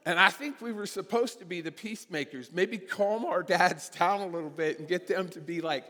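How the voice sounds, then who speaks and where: A man's voice: high voice, lively intonation, moderate pace, few pauses, fairly bright tone, long reverb tail. A man preaching a sermon in a church, in a conversational, storytelling way with casual fillers. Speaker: guest preacher. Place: church sanctuary.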